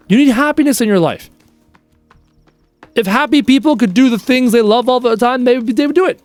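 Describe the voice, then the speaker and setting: A man's voice: sits high, quick pace, dry recording, soft background music. A man live-streaming a game, chatting casually and reading out viewers' messages in a playful way. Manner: chatty, reads chat aloud, playful.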